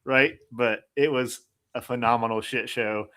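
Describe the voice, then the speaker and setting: A man's voice: mid-range voice, fairly even intonation, measured pace, bright, forceful tone. A man co-hosting a podcast in casual chat, rambling and heavy on "like", with offhand swearing. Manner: loose, peppered with "like", swears casually. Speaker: podcast co-host.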